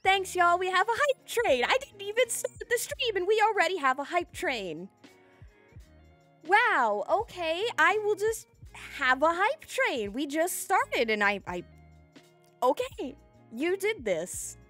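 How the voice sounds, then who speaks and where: A high, bouncy woman's voice that swoops all over the place as she chats with her stream audience. She giggles and gushes with excitement, yet takes her time between words. Soft music plays faintly behind her. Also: takes it slowly. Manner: excitable, giggly, gushing thanks to chat. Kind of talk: casual live-stream chat. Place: home streaming setup.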